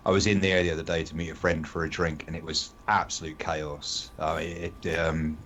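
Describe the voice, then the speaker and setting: A man's voice: rumbling low, little pitch movement, normal speed, a bit bright, a little hiss or hum. A British man chatting casually on a live show, telling anecdotes at length. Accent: British English. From England. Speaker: co-host. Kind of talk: casual chat.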